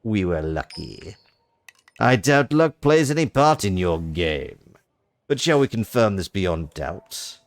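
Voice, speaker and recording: A man voicing a haughty gentleman gambler in a game, pompous and mannered. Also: lowish voice, very animated, slow, exaggerated voice.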